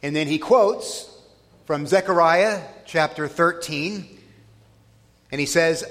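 A man preaching a sermon in a deliberate way, with dry irony. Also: a little high, a bit bright. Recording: long reverb of a large hall.

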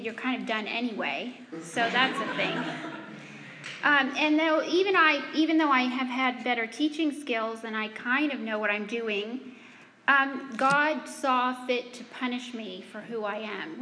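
A middle-aged woman gives a speech to a live audience in a large hall, her voice ringing with long reverb. She speaks slowly and unhurriedly, in a high register. Her delivery is self-deprecating and humorous. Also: pushed and bright. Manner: conversational, with restarts and asides. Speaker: speaker addressing students and parents.

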